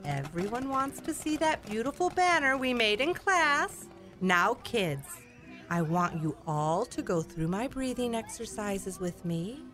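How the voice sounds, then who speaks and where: Casting: actress as a showy, bossy music teacher, high and swooping, slow and deliberate. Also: female voice, very animated. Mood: theatrical. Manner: grandiose, sing-song, bossy. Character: prim, theatrical female school music teacher. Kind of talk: audio drama acting.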